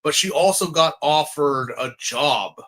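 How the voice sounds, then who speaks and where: Bright-voiced man in chatty podcast talk. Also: fairly high pitch, a little slow. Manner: rambling, chatty, lots of fillers and restarts. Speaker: podcast co-host. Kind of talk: casual chat.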